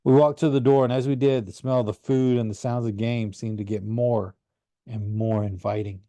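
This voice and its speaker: A man reading a first-person story aloud in an earnest, animated way. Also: medium pitch, normal speed, no room sound. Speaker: audiobook reader. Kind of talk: first-person audiobook narration.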